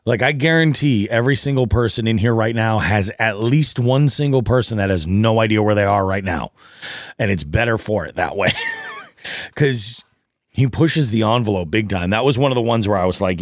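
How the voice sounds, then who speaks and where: A man hosting a podcast in casual chat, enthusiastic and quick to laugh. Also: fairly low pitch, wildly swooping pitch, no echo, studio quality. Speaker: podcast host. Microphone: studio dynamic mic.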